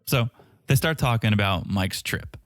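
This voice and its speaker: A man's voice: on the low side, animated, normal speed, a bit bright, dry recording, clean studio sound. A man co-hosting a podcast, recapping a reality show in casual, chatty talk and laughing often. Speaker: podcast co-host.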